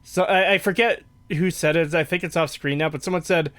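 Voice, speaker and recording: A man's voice: a little high, steady tone, fairly quick, fairly bright tone. A man co-hosting a podcast in casual chat, blunt and offhand, swearing freely. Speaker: podcast co-host.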